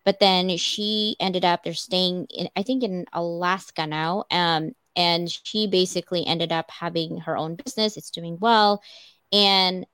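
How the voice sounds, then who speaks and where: A woman's voice: lowish voice, unhurried, clean tone, dry recording. Chatty woman host, dry sound. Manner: animated storyteller, chatty. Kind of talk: casual chat.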